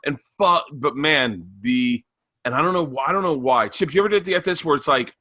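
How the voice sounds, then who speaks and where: Animated storyteller man, bright and dry. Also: fairly high pitch, brisk, no echo. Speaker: podcast guest. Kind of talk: casual chat.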